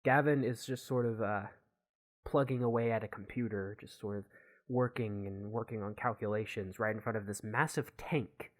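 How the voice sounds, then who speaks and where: Low-voiced man narrating a tabletop game. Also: fairly even intonation. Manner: halting, with frequent fillers. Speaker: game master.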